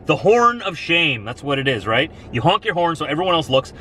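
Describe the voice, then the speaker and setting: A man's voice: fairly high pitch, big pitch swings, fairly quick, a bit bright, a little hiss or hum. A man driving a truck and vlogging, telling a long story with rising exasperation. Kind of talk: casual vlog rant. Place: in and around a truck, near traffic.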